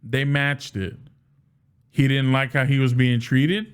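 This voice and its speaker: A man giving casual solo commentary as a sports fan, animated, often restarting and repeating words. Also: medium pitch, unhurried, clear, resonant tone.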